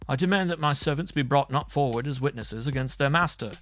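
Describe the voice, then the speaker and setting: A man's voice: mid-range voice, normal speed, fairly bright tone, faint music behind, natural voice. A man voicing an arrogant, volatile medieval marshal who blusters and demands. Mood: indignant. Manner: blustering, imperious.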